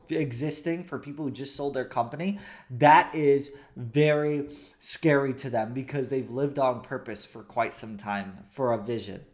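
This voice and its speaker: A man's voice: mid-range voice, normal speed, darkish tone. A man in his thirties, a coach, giving an emphatic motivational talk and repeating key phrases for stress.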